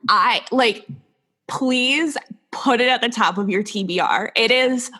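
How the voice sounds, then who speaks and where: A woman's voice: fairly high pitch, a little slow, bright, forceful tone. A woman guest on a book podcast, talking casually and enthusiastically with frequent laughs. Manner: enthusiastic, laughs often, many fillers. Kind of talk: casual chat.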